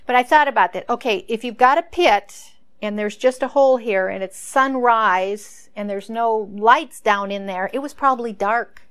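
A woman in a mid-range voice retells a Bible story as a lesson. She muses aloud in a conversational way and often turns to the listeners with rhetorical questions. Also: medium pitch. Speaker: Bible teacher.

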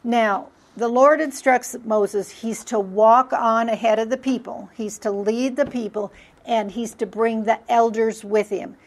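A woman's voice: fairly high pitch, fairly even intonation, unhurried. A woman teaching a Bible study lesson, often asking rhetorical questions and then answering them herself.

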